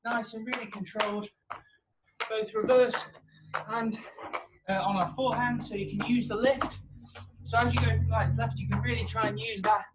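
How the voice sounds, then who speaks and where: A man's voice: high-pitched, moderate pace. A man coaching a home hockey training session, upbeat and encouraging as he counts out reps, out of breath from the exercise. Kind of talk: home workout instruction. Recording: steady background noise.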